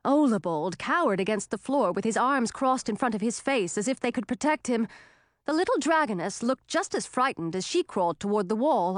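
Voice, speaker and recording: A woman's voice: mid-range voice, no echo. Woman narrating a fantasy storybook, dry. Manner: expressive, dramatic reading. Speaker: audiobook narrator.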